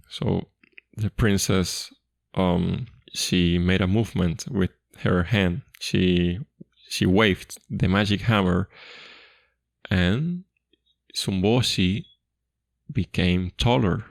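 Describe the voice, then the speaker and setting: A man teaching a language, explaining a folktale reading line by line in a relaxed, chatty way and often repeating himself. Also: low voice, takes it slowly, creaky, long pauses, dry recording, studio quality.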